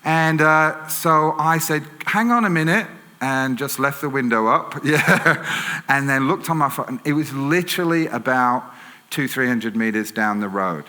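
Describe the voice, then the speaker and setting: A man's voice: mid-range voice, unhurried, sharp tone. A man with an English accent preaching a sermon in a chatty storytelling way, full of fillers and self-corrections. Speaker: pastor. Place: church auditorium. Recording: long church hall reverb.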